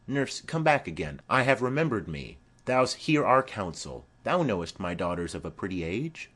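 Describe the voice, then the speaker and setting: A man's voice: lowish voice, very animated, a bit bright. A man reading a play aloud, voicing a formal, commanding noblewoman speaking to her daughter. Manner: formal, measured.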